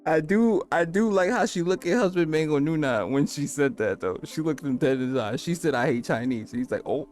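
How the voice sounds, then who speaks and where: A man's voice: on the high side, lively intonation, moderate pace, darkish tone, faint music behind. A man in casual chat with friends, laid-back and laughing, calling people bro. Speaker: host.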